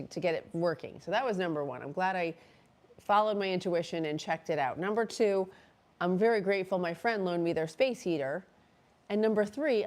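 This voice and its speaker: A woman's voice: lowish voice, a little mellow. A woman hosting a casual live stream from her chilly home, chatty and rambling, with many fillers and restarts. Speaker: livestream host. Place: cold home room. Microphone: microphone clipped near her cat.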